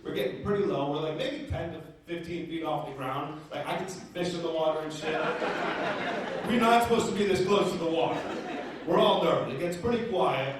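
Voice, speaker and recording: A man telling a profane, animated stand-up story on a comedy club stage. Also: a little high, a little fast, recorded from a distance, a little hiss or hum. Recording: echoey club room, audience laughter.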